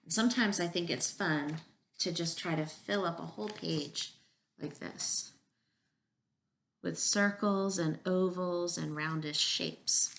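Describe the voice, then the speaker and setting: A woman preschool teacher reads a picture book aloud for young children. Her voice sits on the low side with a noticeable gravelly fry. She talks gently and encouragingly, guiding the kids along. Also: a little hiss or hum. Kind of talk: children's story time reading.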